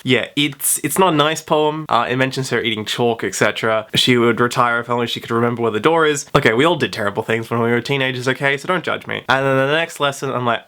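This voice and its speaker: A man's voice: mid-range voice, normal speed, pushed and bright. A young man telling a funny school story to camera, chatty and self-mocking, with plenty of "like". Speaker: vlogger. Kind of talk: storytime vlog.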